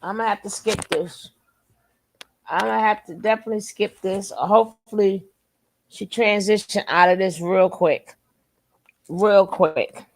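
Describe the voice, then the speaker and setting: A woman's voice: medium pitch, unhurried, long pauses. A woman giving reaction commentary, emphatic and blunt, repeating her phrases again and again. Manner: blunt, curses then apologizes.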